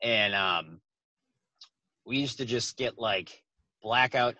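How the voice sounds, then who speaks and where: A man's voice: mid-range voice, takes it slowly, pauses often, sharp tone, no room sound. A man, chatting casually as a comedian guest and rambling with lots of "like" and swearing. His voice sounds dull and lo-fi in a dry, dead space. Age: 20s. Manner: thick accent, swears a lot, rambling with many "like"s. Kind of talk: casual podcast chat.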